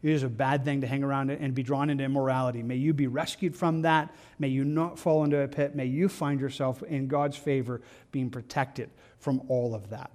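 A man's voice: mid-range voice, steady tone, a little mellow. A man teaching through Bible verses in a loose, conversational way, often restarting his sentences. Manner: conversational, halting with frequent restarts and fillers. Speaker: pastor.

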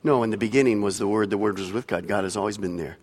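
A man's voice: fairly low pitch, fast talker, darkish tone. A man preaching a sermon as pastor, with emphatic delivery that swells and drops. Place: large church hall. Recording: long hall reverb.

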